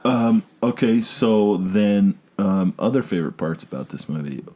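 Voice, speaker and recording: A man's voice: lowish voice, expressive, unhurried, dark tone. A man hosting a casual movie chat, loose and rambling with many ums.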